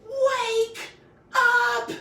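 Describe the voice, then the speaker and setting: A woman voicing Little Red Riding Hood, a bossy, shrill little girl who demands and wails. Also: big pitch swings, normal speed, fairly bright tone, far from the mic. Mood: shrill, demanding. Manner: demanding, wailing, stomping tantrum. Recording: echoey room, voice off-mic.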